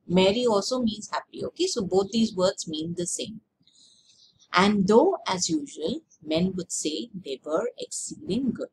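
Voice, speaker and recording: A woman teacher explaining a lesson slowly, repeating words and checking with "okay?". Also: mid-range voice, noisy background. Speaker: English teacher.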